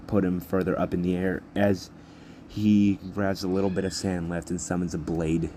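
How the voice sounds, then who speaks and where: A man's voice: sits low, dark tone, a little hiss or hum. A man narrating an improvised fan story in a rambling, repetitive way with many restarts.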